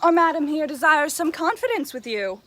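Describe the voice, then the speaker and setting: A woman's voice: high voice, sing-song, normal speed, pushed and bright, heavily acted. Mercutio, a teen girl playing a teasing young man. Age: teens. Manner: teasing, mocking, laughing. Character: mocking joking young gentleman Mercutio.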